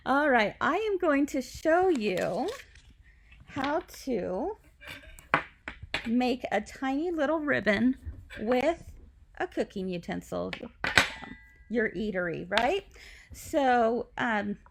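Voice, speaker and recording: A woman's voice: fairly high pitch, vocal fry. A woman hosting a live craft tutorial for a quilt shop from home, chatty and confiding with lots of asides.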